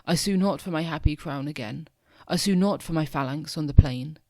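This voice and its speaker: A man's voice: a little high, fairly quick, darkish tone, no echo, lightly acted. A young man reading the part of an enchanted elephant who was once a king, pleading in solemn verse.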